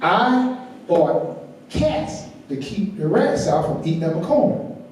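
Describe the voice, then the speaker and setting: A man's voice: high-pitched, very animated, slow, a little mellow, slight background noise. A man with a Southern drawl teaching a farm tax workshop, folksy and repeating his key points, laughing easily. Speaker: workshop instructor. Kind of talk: financial training lecture. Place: large echoey meeting room. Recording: echoey room, distant mic.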